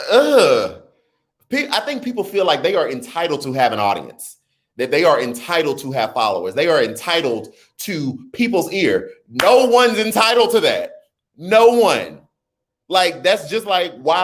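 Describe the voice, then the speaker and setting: A man hosting a casual livestream, reading viewer comments and chatting with his audience in an animated, talkative way. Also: fairly high pitch. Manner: chatty, animated, talks straight to his chat. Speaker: livestream host.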